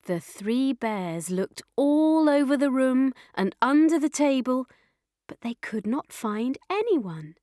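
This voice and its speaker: A woman reading a children's story aloud in a slow, clear, expressive way. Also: a little high, dry recording, clean studio sound.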